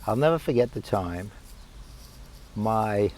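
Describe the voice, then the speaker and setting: A man, telling a funny personal story in a lively, salty, conversational way. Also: fairly low pitch, takes it slowly, a little hiss or hum, poor audio. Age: 60s. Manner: animated, conversational, profane.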